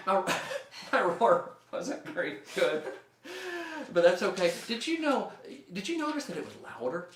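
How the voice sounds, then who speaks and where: A man's voice: high-pitched, sing-song, unhurried, fairly bright tone. A young man teaching a music lesson for children, upbeat and leading the kids in call-and-response. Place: room at home. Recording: echoey room.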